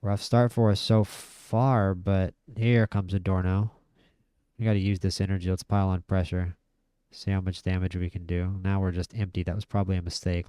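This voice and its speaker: A man giving casual, excitable commentary while playing a boxing management game, talking to himself about each fight. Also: low-pitched, clean tone, dry recording, studio quality. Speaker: gaming video host.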